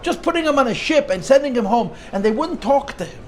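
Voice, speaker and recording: A man teaching an informal Torah class as a rabbi, an animated storyteller who restarts phrases often and sprinkles in Yiddish and Hebrew terms. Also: very high-pitched, fast talker.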